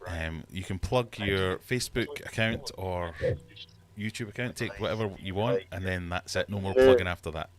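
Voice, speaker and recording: A man's voice: sits low, moderate pace. A man from Scotland hosting a casual livestream, chatty and jokey as he reads out viewer comments. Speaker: livestream host.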